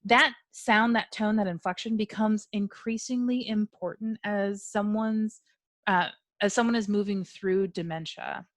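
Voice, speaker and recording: A woman's voice: medium pitch, dry recording, clean studio sound. A woman giving a training webinar on dementia communication, explaining step by step with analogies and examples. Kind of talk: webinar presentation.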